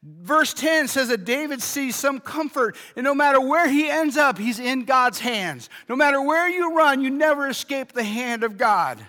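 A high-pitched, bright-toned male pastor preaching a sermon in a church sanctuary. His voice rings out with a long hall reverb. He moves from quiet explanation to emphatic, shouted refrains. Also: lively intonation, normal speed, hardly any pauses.

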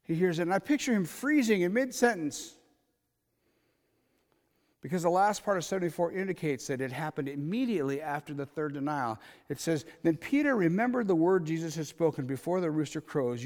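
A man preaching a sermon in a conversational way, alternating loud emphatic lines with quiet asides. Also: fairly high pitch, lively intonation, normal speed, long reverb tail. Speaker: pastor.

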